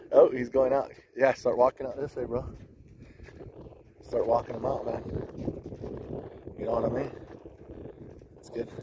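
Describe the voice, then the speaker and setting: A man's voice: mid-range voice, a little slow, long pauses. A young man filming his friend fishing outdoors, coaching him with lots of slang and swearing. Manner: coaching, swears often, calls friend bro and dude. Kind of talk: excited casual chat while filming. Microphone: phone camera. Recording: outdoor phone recording with steady background noise.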